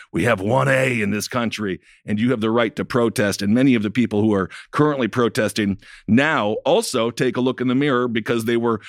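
A man's voice: mid-range voice, no echo, studio quality. A man co-hosting a political talk show, talking casually with sarcastic, rambling jokes. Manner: sarcastic, rambling, jokey asides.

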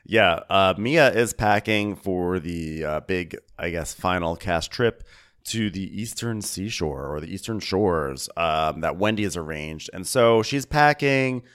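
A man's voice: deep voice, lively intonation, measured pace, a bit bright, clear, resonant tone. A man co-hosting a podcast, chatting casually and laughing often while recapping a reality show. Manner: laughing, chatty, playful asides. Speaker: podcast co-host. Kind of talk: casual comedic recap chat.

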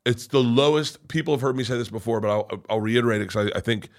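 A man's voice: medium pitch, quick pace. A middle-aged man, a comedian guest, telling stories in a rambling, profane way with many restarts. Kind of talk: casual storytelling chat.

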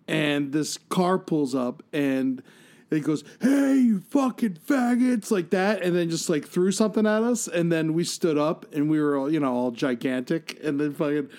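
A young adult man hosting a casual talk show, telling lively stories with acted-out quotes and laughing at his own punchlines. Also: a little high, moderate pace. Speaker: podcast host. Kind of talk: casual storytelling chat.

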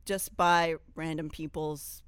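A woman co-hosting a casual pop-culture chat, teasing and wry, sometimes trailing into low mutters. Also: steady tone, slow pace, fairly bright tone. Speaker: podcast co-host.

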